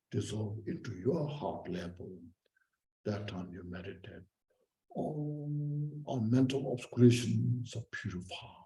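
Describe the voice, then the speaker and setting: A man giving a Buddhist dharma teaching in short, halting phrases, often repeating words. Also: on the low side, warm tone, roomy sound, rough recording.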